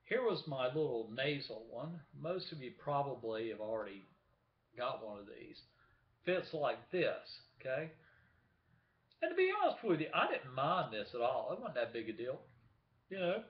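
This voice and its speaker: A man's voice: medium pitch, sing-song, moderate pace. A man talking casually to the camera in a vlog, chatty, showing things to the viewer. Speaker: vlogger. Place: room at home with window open. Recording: echoey room, dull lo-fi sound.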